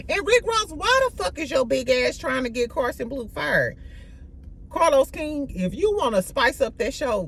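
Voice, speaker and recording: Brash, lively-voiced woman gossip host. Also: a little high, slight background noise. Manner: brash and profane, lots of slang. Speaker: podcast host. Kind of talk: casual gossip commentary.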